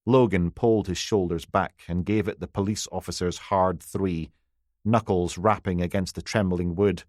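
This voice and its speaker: A man's voice: deep voice, steady tone, moderate pace, darkish tone, no room sound. A man narrating a crime novel audiobook with a dry, wry delivery on a close mic.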